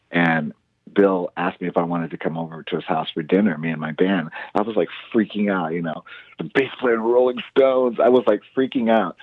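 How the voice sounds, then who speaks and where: A man telling stories in a casual interview, enthusiastic and animated, acting out what others said. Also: sits low, slightly rough, dry recording. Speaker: musician guest, show host. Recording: tinny phone-like line.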